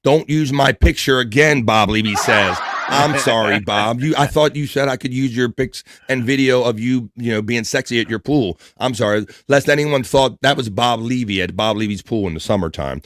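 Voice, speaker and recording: A man's voice: mid-range voice, normal speed, few pauses, fairly bright tone, no echo. A man hosting a casual livestream, playfully teasing and reading viewer comments aloud. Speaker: livestream host.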